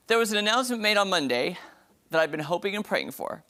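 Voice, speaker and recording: A man hosting an entertainment review segment on a morning TV show, talking in a gushing, dramatic, excited way. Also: sits high, quick pace.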